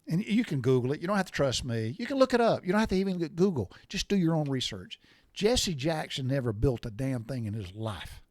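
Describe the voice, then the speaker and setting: A man's voice: fairly high pitch, sing-song, fairly quick, no room sound, studio quality. A middle-aged man hosts his own podcast, talking bluntly and repetitively as he gets worked up about what annoys him. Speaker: podcast host. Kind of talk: opinionated solo podcast rant.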